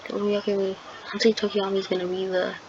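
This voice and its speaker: A woman's voice: mid-range voice, completely flat delivery, a little fast, darkish tone. A woman improvising a fan-fiction story, rambling and hesitant with many fillers and restarts. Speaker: channel host telling a fan story. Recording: dull lo-fi sound with clear background noise.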